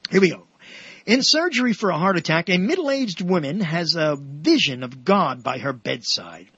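Man, radio host, husky voice, rambling joke telling, dull dry recording. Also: a little high, normal speed, no echo. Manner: rambling, restarts often, animated punchlines. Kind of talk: telling jokes on air.

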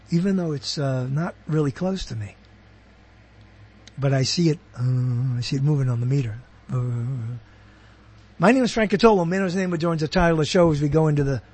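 The host here is a man whose slightly high voice has a darkish, husky tone. He rambles through a chatty monologue, repeatedly interrupting himself to wander into asides.

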